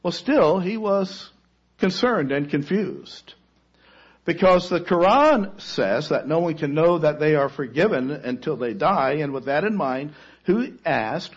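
A man preaching a sermon, telling a story dramatically, rising to loud cries and then falling to a near-hush. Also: on the high side, animated, measured pace, breathy edge, lo-fi sound.

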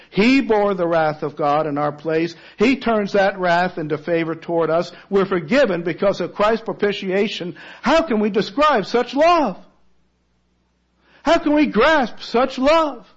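A man preaching a sermon, telling a story dramatically, rising to loud cries and then falling to a near-hush. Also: high-pitched, muffled recording.

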